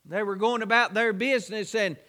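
A man's voice: sits high, fairly quick, pushed and bright, big-room sound. A man preaching a sermon, building his points through repetition and rhetorical questions.

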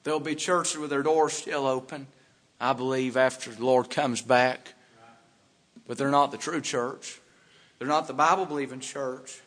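A man pastor preaching a sermon in a church, fervent, swinging between hushed passages and loud emphatic ones. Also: mid-range voice, steady tone, normal speed, in a large hall. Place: church sanctuary.

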